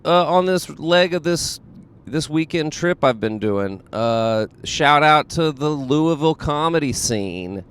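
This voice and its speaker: A man's voice: a little high, animated, measured pace, smooth. A man hosting his own show as a comedian, in a rambling, self-deprecating monologue full of fillers, with a Southern US accent.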